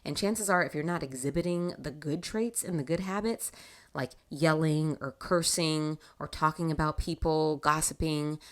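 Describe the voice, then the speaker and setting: A woman hosting a casual faith talk show, telling a personal story in an animated way and laughing often. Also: low-pitched, moderate pace. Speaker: podcast host.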